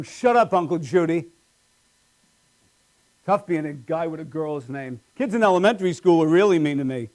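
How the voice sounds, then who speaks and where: High-voiced wry stand-up comic. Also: male voice, normal speed, pauses often, darkish tone. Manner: wry, self-deprecating punchline delivery. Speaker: stand-up comedian. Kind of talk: live stand-up routine. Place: small live comedy stage.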